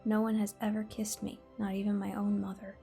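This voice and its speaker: A woman's voice: mid-range voice, monotone, brisk, vocal fry, mellow, faint music behind, close to an everyday voice. A woman voicing a lonely masked man from a storybook who growls and sobs his lines. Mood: sorrowful. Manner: growling, sobbing. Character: masked lonely man, snarling then sorrowful.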